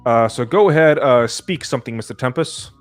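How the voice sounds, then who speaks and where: A man hosts a casual podcast, speaking in an easygoing, mid-pitched voice sprinkled with uhs. Faint music plays in the background. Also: expressive, fairly quick. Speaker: podcast host. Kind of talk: casual chat.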